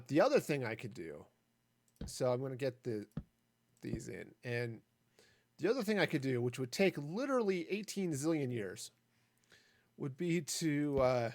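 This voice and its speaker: A man's voice: mid-range voice, a little mellow, no echo. Rambling man streaming a building game. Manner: rambling, jokey asides. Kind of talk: casual gameplay commentary.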